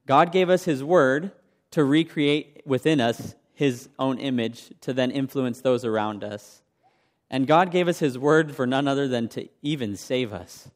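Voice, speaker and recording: A man's voice: medium pitch, measured pace. Male preacher in a reverberant hall. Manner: conversational, asks the congregation questions. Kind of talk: sermon with personal testimony.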